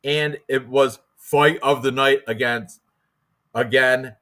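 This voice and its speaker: A man hosts a fight prediction show in casual chat, rambling and excitable, with lots of fillers and restarts. His voice is medium-pitched and he speaks slowly.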